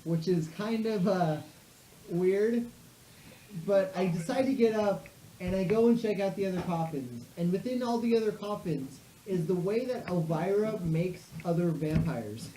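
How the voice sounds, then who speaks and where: A woman's voice: mid-range voice, dark tone, echoey room, a little hiss or hum, poor audio. A woman improvising a comic story, laughing as she goes. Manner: slow, laughing as she talks.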